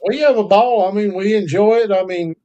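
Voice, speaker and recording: Man, high-pitched voice, folksy drawl, country sayings, chatty podcast co-host. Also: a little fast, mellow, clear, resonant tone, dull audio. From North Carolina. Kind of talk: casual chat.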